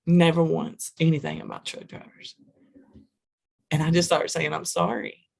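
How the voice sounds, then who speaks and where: A woman's voice: sits low, steady tone, normal speed, gravelly, darkish tone. A woman telling a personal story in a podcast interview, vivid, repetitive and emphatic. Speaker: guest, trucking wellness business owner.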